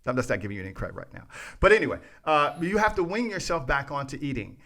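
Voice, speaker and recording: A man's voice: mid-range voice, very animated, fast talker, vocal fry, pushed and bright. A man co-hosting a podcast, ranting in casual chat, restarting phrases and talking straight to his listeners. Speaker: podcast co-host.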